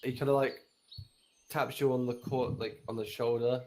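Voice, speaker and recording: A man's voice: mid-range voice, flat delivery, moderate pace, darkish tone. Tentative man asking game questions. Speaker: player. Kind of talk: casual tabletop game chat.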